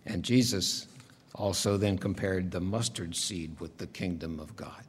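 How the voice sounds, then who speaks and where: A deep, unhurried male voice with a breathy edge belongs to a pastor preaching in a church sanctuary. His sermon is conversational and reflective, told like a story, and the large hall gives it a long reverb.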